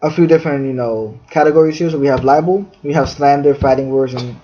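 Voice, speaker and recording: Reading definitions off a fact sheet for his podcast discussion, this host speaks quickly in a dark, mid-range voice, leaning heavily on fillers. The sound quality is dull and lo-fi.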